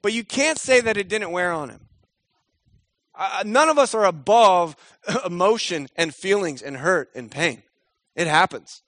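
High-voiced casual young male pastor. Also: a bit bright, no echo. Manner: casual and joking, acts out voices in quotes. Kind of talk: sermon.

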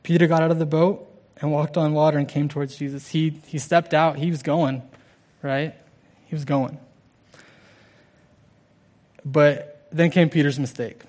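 A man's voice: on the high side, fairly even intonation, darkish tone. Earnest young man preaching. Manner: earnest, halting, with restarts and fillers. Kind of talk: informal sermon.

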